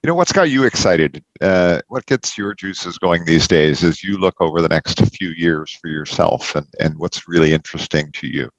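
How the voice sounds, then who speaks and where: A man hosting a podcast, asking friendly, measured questions. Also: sits low, expressive, no room sound, dull audio. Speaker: podcast host. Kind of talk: casual interview.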